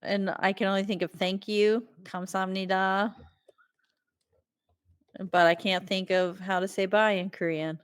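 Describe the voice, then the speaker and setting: In this casual podcast outro, a female co-host chats playfully and giggles a lot. Her mid-range voice is clear and resonant with little pitch movement, moving at a moderate pace with frequent pauses, captured in a clean studio with no room sound.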